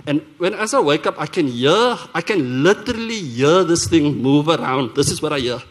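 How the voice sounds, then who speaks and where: A man with a South African accent, a worship leader telling his testimony in a church sermon, earnest and animated, often restarting his sentences. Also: a little high, moderate pace. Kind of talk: sermon testimony told as a story. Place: church service.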